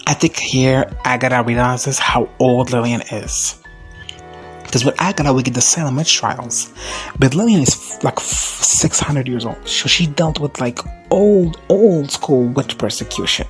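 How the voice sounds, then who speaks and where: A man giving a casual, profane, rambling recap of a show, now and then jumping into high-pitched voices to quote characters. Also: a little slow, soft background music. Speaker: recap vlogger.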